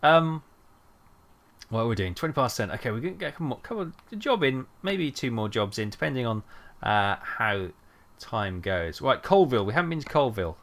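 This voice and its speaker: A man's voice: mid-range voice, big pitch swings, normal speed, a bit bright. A man streaming a trucking game, rambling and thinking aloud with lots of fillers. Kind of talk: casual gameplay chat.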